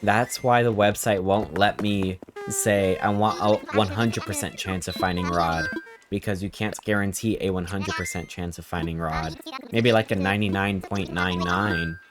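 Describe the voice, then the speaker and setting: A man's voice: low voice, steady tone, normal speed. A young man streaming a game, chatting casually with viewers in a playful, rambling, joking way as he reacts to chat. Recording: game music playing behind the voice.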